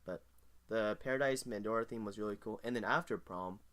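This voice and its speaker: A man's voice: fairly low pitch, fairly quick, fairly bright tone. A teenage boy co-hosting a podcast, chatting and reacting in a casual, upbeat way. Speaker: podcast co-host. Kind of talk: casual chat.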